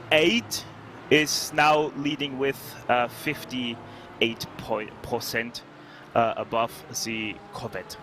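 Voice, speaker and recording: A man co-commentating a sim race, giving poll numbers and race updates in a matter-of-fact way. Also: mid-range voice. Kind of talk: live sim racing commentary. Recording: background noise under commentary.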